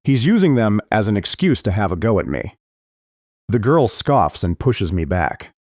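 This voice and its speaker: A man narrates a thriller audiobook in the first person, his voice sitting very low. His delivery moves expressively up and down as he builds tension. The recording is dry and close, with no room around it. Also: very animated, normal speed, a little mellow, no echo.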